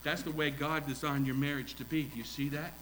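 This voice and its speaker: A man's voice: fairly high pitch, fairly even intonation, a little fast, a bit bright, slight background noise, poor audio. A middle-aged married man preaching a sermon, using repetition and rising emphasis and putting questions to his congregation. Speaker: pastor.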